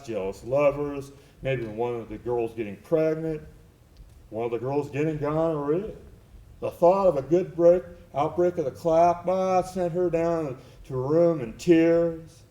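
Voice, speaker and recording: Performing a one-man show on stage, a man tells his own story with reflection, tenderness and wry humor. His voice is fairly high in pitch yet dark in tone, and the live theater recording is echoey.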